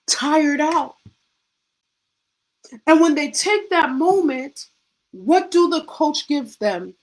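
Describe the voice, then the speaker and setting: High-voiced, unhurried woman preaching. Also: low-quality recording. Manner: preachy, rhetorical questions, punchy repetition. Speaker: faith coach. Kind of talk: devotional pep talk.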